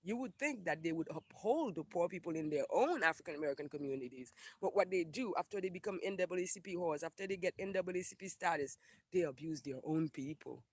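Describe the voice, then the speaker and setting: A man's voice: sits high, expressive, quick pace, a little mellow, husky, no echo. A man from Haiti hosting a casual livestream, reading viewer comments aloud and ranting in a profane, emphatic way that repeats phrases for emphasis.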